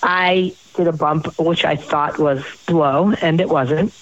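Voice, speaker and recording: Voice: mid-range voice, steady tone, takes it slowly, dull audio, a little hiss or hum. A host rambling through profane personal stories in a casual chat.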